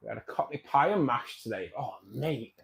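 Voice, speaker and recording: A man's voice: mid-range voice, lively intonation, moderate pace, vocal fry. A man hosting a casual livestream, chatting with viewers in a rambling way, repeating himself and calling people mate. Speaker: livestream host.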